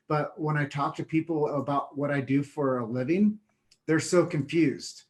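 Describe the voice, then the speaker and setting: A man's voice: fairly high pitch, normal speed. A man hosting a casual podcast interview, talking earnestly about his own background and calling his guest "man.". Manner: earnest, conversational, says "man" and "like". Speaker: podcast host.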